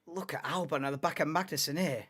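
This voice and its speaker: A man in his late twenties, hosting a live race watchalong in an excitable, rambling, chatty way. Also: on the high side, fast talker. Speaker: livestream host.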